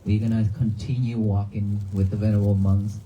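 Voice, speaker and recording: A Vietnamese-born monk gives an earnest dharma talk to a crowd in a church cemetery, using simple phrases and putting questions to his listeners. His voice is lowish and level, his delivery brisk, and the audio dull.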